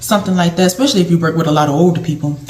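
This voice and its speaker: Lower-voiced woman talking in an echoey room. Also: racing, darkish tone, a little hiss or hum. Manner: conversational, repeats and restarts phrases. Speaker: caregiver giving advice. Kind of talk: casual advice talk to camera.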